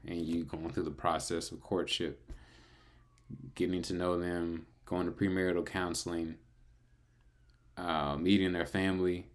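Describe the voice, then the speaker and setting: A man's voice: sits low, little pitch movement, measured pace, long pauses. A man reading through the Bible, breaking off into playful, chatty asides. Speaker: Bible reader and narrator. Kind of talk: casual Bible reading with commentary.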